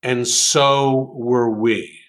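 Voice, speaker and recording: Slow, thoughtful man telling stories. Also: mid-range voice, steady tone, fairly bright tone. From New York. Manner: unhurried storytelling with many ums. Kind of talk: interview conversation.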